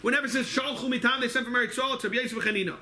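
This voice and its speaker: A man teaching a Talmud study class, moving quickly through the text and answering his own questions as he goes. He speaks in a synagogue study hall. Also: very high-pitched, bright, forceful tone. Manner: rapid, quizzing himself with questions. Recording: echoey hall recording.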